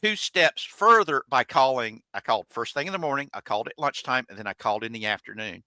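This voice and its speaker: Guy host rambling through an old navy story, swears a lot, bright clear voice. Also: medium pitch, animated, fast talker, no echo, poor audio. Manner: colloquial, swears freely, acts out quoted people. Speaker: podcast host. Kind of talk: casual storytelling chat.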